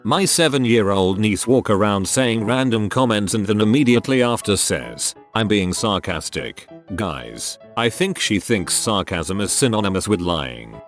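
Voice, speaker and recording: Male narrator with a lowish voice, lively storytelling reads, faint music underneath. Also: a little slow, few pauses. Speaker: narrator of reader-submitted stories. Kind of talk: scripted narration.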